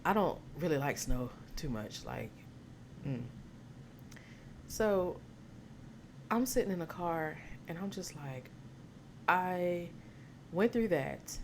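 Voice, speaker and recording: A young adult woman vlogger telling a personal story in a casual, animated way, often saying "y'all" to her listeners. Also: extremely low pitch, slight background noise.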